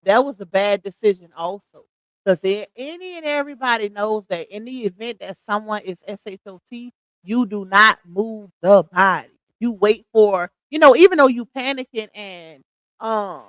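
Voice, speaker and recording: A woman's voice: mid-range voice, expressive, normal speed, a bit bright, no echo, poor audio. A woman hosting a storytime show, chiming in with her own opinions and summing up for the audience. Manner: chatty, sums up and gives opinions to the audience. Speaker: host. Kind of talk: storytime commentary.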